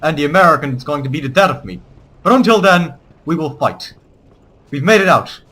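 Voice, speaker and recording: A man's voice: fairly high pitch, lively intonation, brisk, sharp tone, breathy edge. A man giving gameplay commentary, switching between theatrical rallying speeches and swearing asides. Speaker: let's play gamer.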